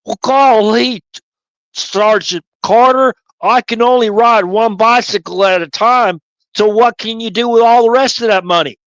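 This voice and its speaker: A man's voice: very high voice, measured pace, a bit bright, no room sound, highs cut off, pitched above the performer's own voice. A man putting on a naive, good-natured young country boy Marine who wonders aloud. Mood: wide-eyed. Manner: wide-eyed, wondering, "golly".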